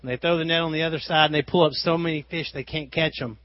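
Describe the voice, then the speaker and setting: A man preaching with a fairly high voice. He swings from loud, driven emphasis down to quiet, intimate asides. The sound is dry and a little dull. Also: fairly even intonation, fast talker, dry recording. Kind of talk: sermon.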